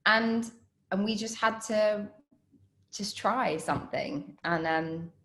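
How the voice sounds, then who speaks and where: A woman in her thirties, an actress chatting in a relaxed way over a video call, telling stories with fillers and laughs. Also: mid-range voice, takes it slowly. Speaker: actress answering student questions. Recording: roomy echo on a call.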